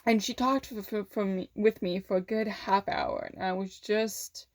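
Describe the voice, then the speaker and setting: A woman's voice: mid-range voice, fairly even intonation, a little mellow. Woman telling a raw personal story. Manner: candid, halting, swears freely. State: emotional, holding back tears. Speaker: vlogger.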